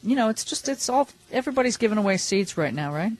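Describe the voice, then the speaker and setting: A woman's voice: on the high side, lively intonation, fast talker. A woman hosting a radio show, chatting casually and laughing easily while reading out product details.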